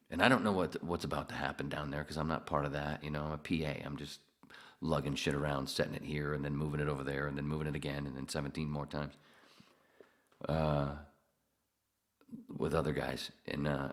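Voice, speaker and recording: Very deep-voiced man telling stories. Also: fairly quick. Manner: swearing, laughing, animated storyteller. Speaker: podcast host. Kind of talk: casual storytelling chat.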